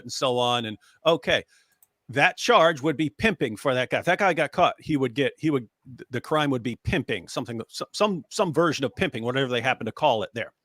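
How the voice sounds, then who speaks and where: A man's voice: medium pitch, expressive, a little fast, fairly bright tone, no room sound, studio quality. A man arguing a point in a casual online discussion, often acting out quoted speech. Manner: argumentative, acts out quoted speech. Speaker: co-host.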